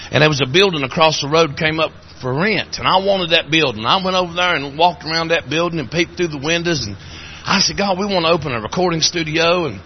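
A man with an Appalachian accent preaches a sermon full of folksy stories, his voice climbing high and cracking when he's moved. The lo-fi recording has slight background noise.

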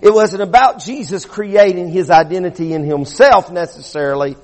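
Middle-aged pastor guy preaching, high voice, slow and emphatic, lots of repeating, big hall echo. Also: a little mellow. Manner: emphatic preaching with slow deliberate stresses and repetition. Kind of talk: sermon. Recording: long hall reverb.

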